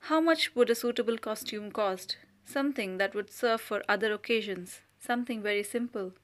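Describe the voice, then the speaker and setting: A woman reading the lines of a timid young male clerk who gently coaxes his wife, with a slight stammer at times. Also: mid-range voice, normal speed, close to an everyday voice. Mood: gentle.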